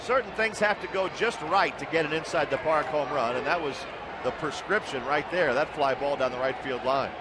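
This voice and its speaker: A man's voice: fairly high pitch, normal speed, very noisy. A man doing baseball play-by-play commentary, his voice lifting on big plays. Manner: excited rises on big plays. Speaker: play-by-play announcer.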